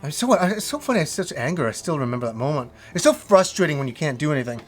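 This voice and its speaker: High-voiced man rambling through a story. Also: sing-song, rapid-fire, faint music behind. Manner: rambling, profane, full of restarts. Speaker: host of a retro video game show. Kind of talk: casual storytelling to camera.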